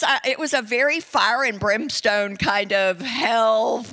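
Bright-voiced woman preaching in a hall. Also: on the high side, unhurried. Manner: animated, acts out quoted speech. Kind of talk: sermon storytelling. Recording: long reverb in a hall.

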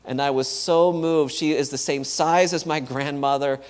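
A man's voice: a little high, steady tone, normal speed, clean tone. Earnest man in a reverberant hall. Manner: earnest, repeats words, acts out quoted dialogue. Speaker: missionary speaker. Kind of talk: storytelling church talk.

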